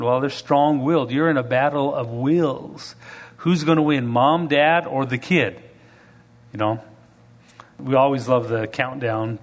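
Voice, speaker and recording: A man's voice: medium pitch, measured pace. A man preacher delivering a sermon, telling stories and acting out the people in them, building to emphatic, rising passages. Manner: animated, rising to emphatic preaching with acted-out quotes. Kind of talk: sermon with storytelling.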